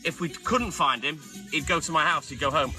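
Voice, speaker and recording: A man's voice: fairly high pitch, brisk, pushed and bright, faint music behind, rough recording. A man from North Wales with a North Welsh accent, chatting casually and wryly on a livestream and answering viewers by name. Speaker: livestream host. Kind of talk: casual live chat with viewers.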